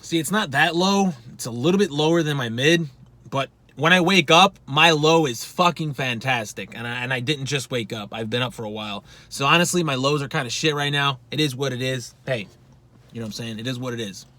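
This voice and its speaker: A man's voice: medium pitch, a little fast, pushed and bright. A man giving a casual vocal lesson, talking bluntly with plenty of swearing and poking fun at himself. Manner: blunt, profane, self-deprecating. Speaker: vocal instructor.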